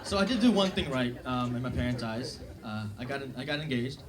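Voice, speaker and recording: A man's voice: medium pitch, fairly quick, a crowd in the background. A young man doing a self-deprecating stand-up set on a comedy club stage, talking casually into a handheld mic, recorded live. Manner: conversational, self-deprecating, with fillers and asides. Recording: live club recording with loud audience laughter.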